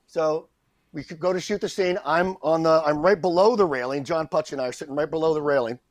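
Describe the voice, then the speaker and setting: High-voiced middle-aged actor telling stories. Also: male voice, a little fast, no room sound. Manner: animated, self-deprecating, acts out quotes. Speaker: guest actor. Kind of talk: anecdotal storytelling.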